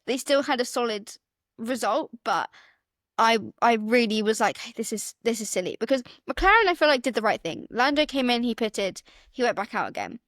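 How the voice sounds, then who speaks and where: A woman co-hosting a motorsport podcast in casual chat, talking fast and acting out her own reactions. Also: a little high, no room sound, studio quality. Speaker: podcast co-host.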